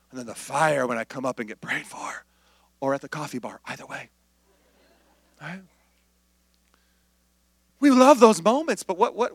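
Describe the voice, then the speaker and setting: A male pastor preaching an animated sermon, acting out voices and dropping to near-whispers. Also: very high-pitched, no room sound, clean studio sound.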